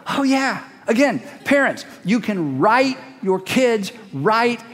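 A pastor preaching a sermon in an animated way, repeating phrases and acting out quoted voices. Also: male voice, very high-pitched, takes it slowly, in a large hall.

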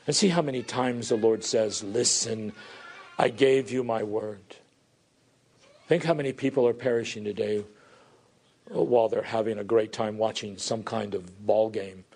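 A man's voice: mid-range voice, a little mellow. A male pastor preaching a sermon in a church, fervent and exhorting, building to emphatic peaks.

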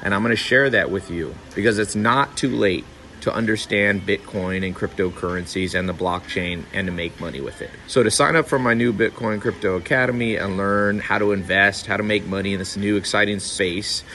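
A podcast host reading a promotional pitch in a salesy, urging manner. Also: male voice, steady tone, brisk, bright, forceful tone, slight background noise. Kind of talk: promotional ad read.

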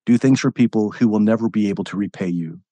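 A man hosting a podcast, talking enthusiastically and warmly affirming his guest. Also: lowish voice, fast, no room sound. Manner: enthusiastic, affirming, swears casually. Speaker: podcast host. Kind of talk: casual conversation.

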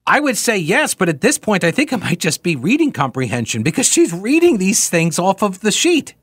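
A man hosting a talk radio show, reading listener mail aloud and answering it in a sarcastic, mocking, animated way. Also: sits high, a little fast, breathy edge, no room sound, clean studio sound.

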